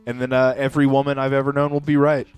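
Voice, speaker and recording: A man's voice: medium pitch, flat delivery, fast, darkish tone, faint music behind. Rambling man in his thirties. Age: 30s. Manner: rambling, self-interrupting, jokey. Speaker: podcast host. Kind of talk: casual chat.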